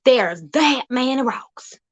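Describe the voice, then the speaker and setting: A woman with a high voice delivers a playful, rambling monologue to her viewers. Her pitch leaps around in folksy, teasing bursts, yet she takes her time over each phrase. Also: lively intonation, slow. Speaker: vlog host. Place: outdoors.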